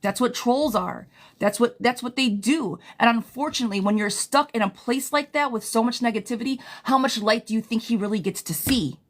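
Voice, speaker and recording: Woman, live tarot reader, higher voice, blunt and swears freely, impassioned advice. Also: a little fast. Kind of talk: live-stream tarot reading.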